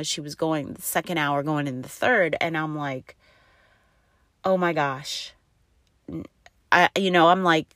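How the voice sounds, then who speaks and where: A woman's voice: lowish voice, a bit bright, no echo, clean studio sound. A middle-aged woman telling a family story in a chatty, rambling way, full of restarts and quoted dialogue. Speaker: mother telling a birth story. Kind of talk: casual storytelling.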